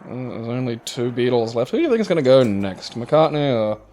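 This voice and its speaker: A man's voice: mid-range voice, lively intonation, brisk, dark tone, slight background noise. Male let's-play host, rambling sweary chat, mid-range voice. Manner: swears freely, rambling, mutters while playing. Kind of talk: casual chat over gameplay.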